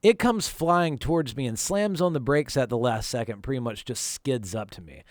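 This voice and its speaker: Storytime vlogger from North Carolina, animated pitch, casual and swearing, dry close sound. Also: male voice, normal speed, no echo. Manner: profane, conversational, emphatic. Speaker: vlog host telling a personal story.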